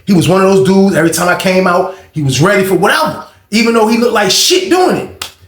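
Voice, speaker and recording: Animated, profane man telling a story. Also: high voice, fast talker, reverberant. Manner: animated, profane, swings from shouting to hushed. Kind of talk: casual storytime vlog.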